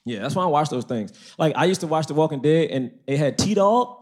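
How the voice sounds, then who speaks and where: A fast-talking man co-hosting a live podcast recorded on a festival stage. His voice sits a little high and leaps around as he tells stories with emphatic, slangy asides. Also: animated, a little mellow. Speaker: podcast co-host. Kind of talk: live podcast film discussion.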